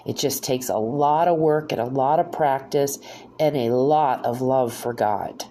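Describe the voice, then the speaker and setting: Middle-aged lady rambling about faith on her podcast, real low mellow voice, lots of you knows. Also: unhurried, slight background noise. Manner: rambling, heartfelt, many restarts and "you know". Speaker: podcast host. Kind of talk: personal monologue on faith.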